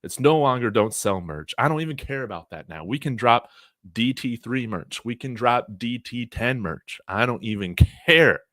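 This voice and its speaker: A man hosting a college football fan livestream, talking in an excited, brash, trash-talking way. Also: medium pitch, moderate pace, dry recording, clean studio sound.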